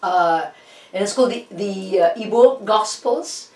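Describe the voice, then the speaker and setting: A woman with a Russian accent gives a relaxed art history lecture, stopping and restarting often with fillers. Her voice sits at a middle pitch. The recording is roomy and echoey, with her some way off from the mic. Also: slight background noise. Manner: halting, many fillers and restarts, animated asides. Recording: roomy echo, distant from the mic.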